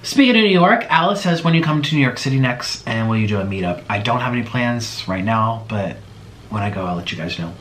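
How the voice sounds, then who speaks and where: A young man in his twenties chats casually at home while answering viewers' questions, his mid-pitched voice swinging theatrically between loud bursts and quiet asides. Faint room ambience sits behind him. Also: animated, brisk, a little hiss or hum. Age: 20s. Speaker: mukbang host.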